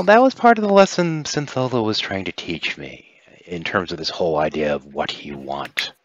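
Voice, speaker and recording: A man voicing a compassionate, grave woman leader who speaks in an earnest, persuasive, measured way. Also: low voice, fairly bright tone, dry recording. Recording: dull dry lo-fi recording.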